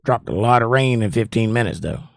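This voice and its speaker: Hoarse, gravelly man hosting a livestream. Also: medium pitch, animated, fairly quick, dry recording, clean studio sound. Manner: friendly, greets viewers by name. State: hoarse, nearly losing his voice. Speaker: livestream Bible study host. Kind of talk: casual chat reading live comments.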